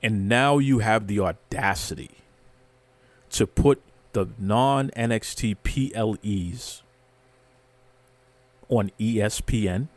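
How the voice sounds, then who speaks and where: A man's voice: on the low side, takes it slowly, pauses often. A man hosting a wrestling show, ranting with mock outrage and heavy sarcasm, often repeating words as he builds up. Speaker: wrestling commentary host. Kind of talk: sarcastic rant to camera.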